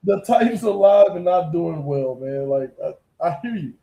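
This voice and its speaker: A man's voice: a little high, lively intonation, normal speed, creaky, dark tone, roomy sound, poor audio. A man hosting a sports podcast, talking in a playful, chatty way. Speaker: podcast host. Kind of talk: casual sports talk.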